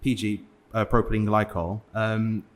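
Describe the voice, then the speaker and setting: Hesitant, low-voiced English man. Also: level tone, moderate pace. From England. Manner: hesitant, many fillers and restarts. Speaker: podcast guest. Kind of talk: casual interview talk.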